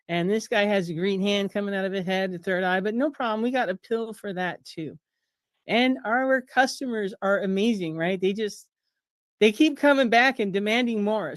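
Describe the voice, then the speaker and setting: A woman's voice: dry recording, studio quality. A woman in her fifties, a pharmacist and author, talking casually through her slides on a video call and mocking the system in a sarcastic tone. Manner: chatty, sarcastic, acts out quoted voices in a higher pitch. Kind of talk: casual presentation over slides at a streamed fundraiser.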